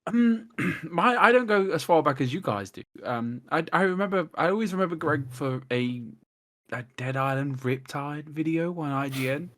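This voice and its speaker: A man's voice: on the high side, normal speed. A man talking as a guest on a casual podcast, telling long rambling stories and acting out what people said. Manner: rambling, animated storyteller who acts out quotes.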